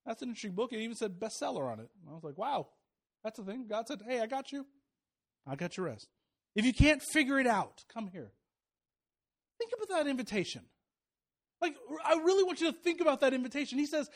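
Pastor, man, 30s, very high voice, animated sermon delivery with jokey asides. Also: a little fast, long pauses. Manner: animated, joking asides, rising and dropping volume.

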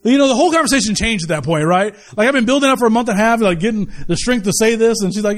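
A middle-aged male pastor preaching a sermon in a lively, conversational way, full of asides and quick retold scenes. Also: high voice.

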